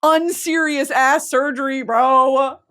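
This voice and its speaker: A young woman hosts a comedic podcast, swearing freely and swinging from low mutters to loud, squealing outbursts. Her intonation is fairly even and she takes things slowly.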